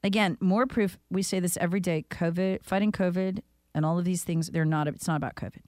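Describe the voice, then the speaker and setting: A woman's voice: lowish voice, steady tone, fairly quick, a little mellow, dry recording, clean studio sound. A woman hosting a talk show, speaking in an indignant, sarcastic way. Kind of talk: opinionated talk radio chat.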